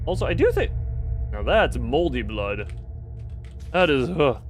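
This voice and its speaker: A man's voice: fairly high pitch, very animated, faint music behind. Sarcastic man streaming a horror game. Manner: sarcastic, talks to himself and chat, quick asides. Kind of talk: casual live game commentary.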